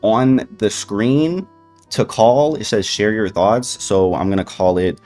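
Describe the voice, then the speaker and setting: A young man with a fairly low voice delivers mocking reaction commentary. He is sarcastic, laughs at his own jokes and swears freely. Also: slow pace, a little mellow, faint music behind. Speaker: commentary video host.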